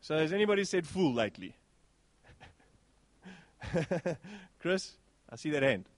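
A high-pitched man delivers a sermon in church. He talks animatedly, calling out to the congregation. The sound is dry and close. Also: a little slow, no echo. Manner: animated, exclaiming, sweeping pitch swings. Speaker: pastor.

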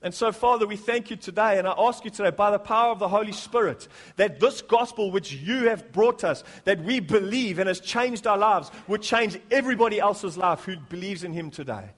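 A man's voice: high-pitched, brisk, few pauses, fairly bright tone. A man leading a church service, praying and preaching in a jokey manner that rises to fervent delivery. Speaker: pastor. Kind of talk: sermon with prayer.

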